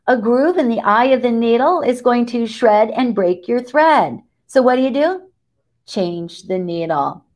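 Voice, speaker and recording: A middle-aged woman giving a lively sewing tutorial, who asks questions and answers them herself. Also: on the high side. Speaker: sewing needle expert. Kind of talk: lively live tutorial talk.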